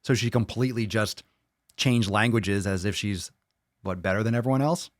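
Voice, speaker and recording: A man hosting a podcast, ranting angrily and mockingly with lots of swearing, jumping loud and high for emphasis. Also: moderate pace, no room sound, clean studio sound. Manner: profane, angry, mocking. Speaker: podcast host. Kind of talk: ranting solo commentary.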